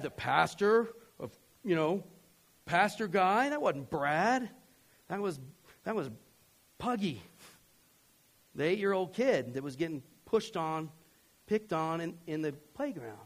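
A middle-aged male pastor telling a story in a sermon, conversational and self-deprecating, who keeps checking in with his listeners and swings from loud outbursts to quiet confession. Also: a little high, sing-song, measured pace, long pauses.

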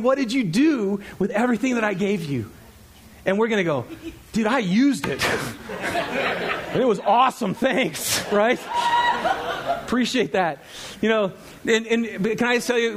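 A middle-aged male pastor with a notably high voice delivers a sermon in church. He talks in a loose, conversational way, laughs often, and acts out little quoted lines. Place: church sanctuary.

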